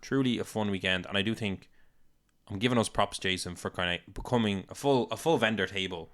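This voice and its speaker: A young man co-hosting a podcast, chatting eagerly in rapid run-on bursts. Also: lowish voice, a bit bright. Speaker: podcast co-host. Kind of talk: casual chat.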